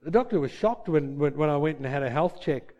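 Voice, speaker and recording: A man's voice: on the high side, expressive, brisk, darkish tone, highs cut off. A man preaching a sermon in a chatty style, acting out little dialogues as he goes. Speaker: pastor.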